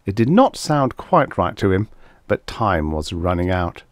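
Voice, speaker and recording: A man narrating a vintage science fiction short story in a measured, even reading. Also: sits low, no echo, clean studio sound. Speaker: audiobook narrator.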